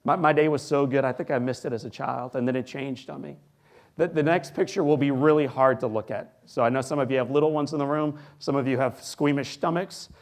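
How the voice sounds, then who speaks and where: An American man in his forties delivers an inspirational keynote to a live audience in a large hall, telling his own story. His mid-range voice keeps a fairly even intonation, yet he uses dramatic pauses, sinking to a hush before rising loud.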